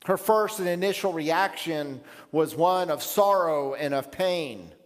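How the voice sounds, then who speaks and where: Reflective male pastor in echoing hall. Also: on the high side. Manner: measured, reflective preaching with pauses. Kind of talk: sermon.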